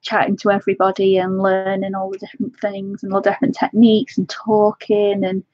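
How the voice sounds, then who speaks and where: A woman hosting a colouring live stream, talking to her viewers in an emotional, halting way with many restarts. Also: mid-range voice, completely flat delivery, darkish tone, no room sound, dull audio. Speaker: colouring channel host.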